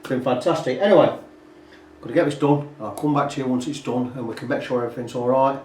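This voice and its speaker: A man's voice: medium pitch, quick pace, darkish tone, slight background noise. Chatty man in an echoey workshop. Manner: rambling, chatty, fills gaps with "blah blah". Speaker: guitar repair technician. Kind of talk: casual workshop walkthrough. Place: repair workshop. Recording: roomy, distant workshop sound.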